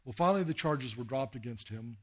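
A man's voice: medium pitch, lively intonation, brisk. A man preaching a sermon, telling stories in a conversational way with many fillers. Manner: anecdotal, conversational, with frequent fillers and acted quotes. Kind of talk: sermon with storytelling.

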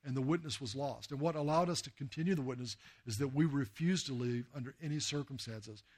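A man's voice: medium pitch, brisk, darkish tone. A man preaching a sermon, telling stories in a conversational way with many fillers. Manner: anecdotal, conversational, with frequent fillers and acted quotes. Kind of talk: sermon with storytelling.

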